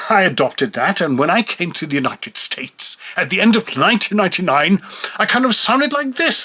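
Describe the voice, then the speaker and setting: A middle-aged man from the Netherlands speaks a neutral English with a faint European twang, musing aloud in a casual vlog. His voice sits a little on the high side, and he talks in a chatty, self-reflective way. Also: animated, moderate pace, sharp tone. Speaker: voice actor.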